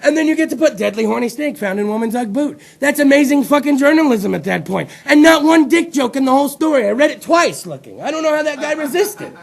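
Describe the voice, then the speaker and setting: Male talk host, high and gravelly, rowdy and foul-mouthed. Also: expressive, fast talker, few pauses. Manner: rowdy, swearing, loud outbursts. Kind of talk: profane comedic rant.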